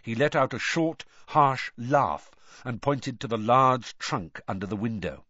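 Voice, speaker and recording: A man's voice: mid-range voice, a little slow, no echo, lo-fi sound. A man reading a novel aloud as an audiobook narrator, telling it expressively. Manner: expressive storytelling. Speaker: audiobook reader. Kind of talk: scripted narration.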